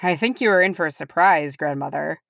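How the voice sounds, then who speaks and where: A woman voices an amused, teasing young male dwarf, pitching it above her own narrating voice, though it still sits on the low side. The delivery is sing-song at a moderate pace, recorded with studio quality and no room sound.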